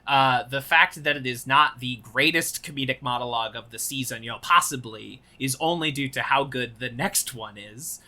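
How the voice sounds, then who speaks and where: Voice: mid-range voice, normal speed, hardly any pauses, bright, forceful tone. A co-host of a comedy podcast in casual chat, enthusiastic and swearing freely.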